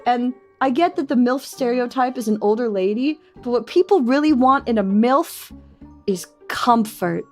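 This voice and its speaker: Bubbly high-voiced young woman streamer. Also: normal speed, faint music behind. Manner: bubbly, giggly, animated. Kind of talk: casual live-stream chat.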